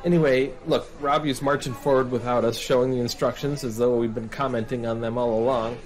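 A man's voice: medium pitch, fairly even intonation, fairly quick. A man hosting a scripted comedy sketch about model cars, talking in a theatrical, preachy big-brother manner. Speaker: host.

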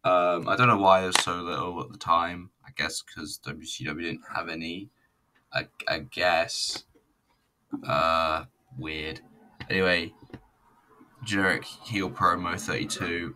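A man with a low voice and a bright, forceful edge rambles through a wrestling review. He swears freely and pokes fun at himself as he goes. A faint hiss of noise sits under his voice. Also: flat delivery, takes it slowly. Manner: rambling, profane, self-mocking. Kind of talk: casual solo review commentary.

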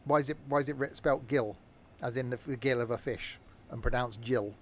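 A man's voice: mid-range voice, fairly even intonation, brisk, a little hiss or hum. Joking man streaming a game. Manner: rambling, jokey, mutters to himself. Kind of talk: casual gameplay commentary.

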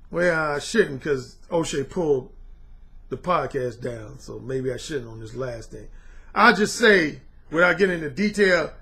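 A man's voice: fairly high pitch, fairly bright tone. A middle-aged man and dating coach talking bluntly and casually to his viewers, dropping "man" and slang as he goes. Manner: blunt, colloquial, repeats "man".

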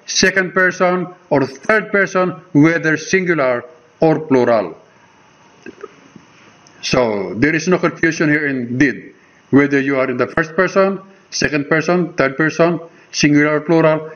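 A man with a Filipino accent teaching English grammar, explaining step by step and pausing on "okay" between points. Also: on the high side, a bit bright. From Philippines. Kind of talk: slow explanatory grammar lesson. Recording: dull lo-fi sound.

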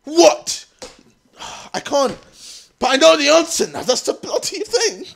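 Excitable young man, high and gravelly. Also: measured pace. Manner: excitable, loud outbursts, swearing and laughing in frustration. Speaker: gaming video host. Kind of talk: let's-play commentary.

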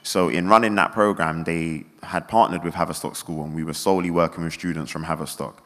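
A man telling a story at a live event, animated and acting out the quotes. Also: sits low, brisk. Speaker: guest speaker. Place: indoor event venue. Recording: reverberant event hall.

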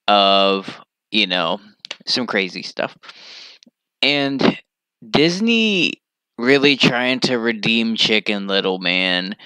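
A young man ranting casually to camera as a vlogger, animated and rambling, swearing freely. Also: on the low side, clean tone, dry recording.

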